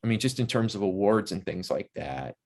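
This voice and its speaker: Animated man telling set stories. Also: lowish voice, brisk, creaky. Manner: animated storyteller who acts out quotes from the set. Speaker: interview guest, actor and playwright. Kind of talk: casual interview chat.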